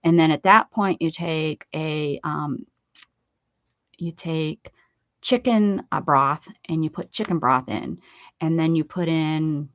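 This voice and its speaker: A woman's voice: low voice, slow, a bit bright, no room sound. Chatty rambling woman, dull dry sound. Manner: rambling, self-correcting, chatty with viewers. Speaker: craft livestream host. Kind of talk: casual livestream chat.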